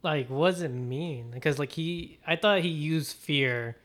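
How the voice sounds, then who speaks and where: A man co-hosting a casual film podcast, chiming in with short reactions and quick agreement. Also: a little high, a bit bright. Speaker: podcast co-host.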